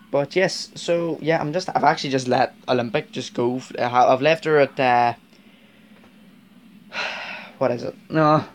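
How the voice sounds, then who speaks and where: Northern irish guy rambling on about his train models, mid pitch, laughs a lot, bit of hiss in the background. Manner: rambling, chatty, laughs often, many fillers. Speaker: vlogger, model railway fan. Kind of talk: casual chat to camera.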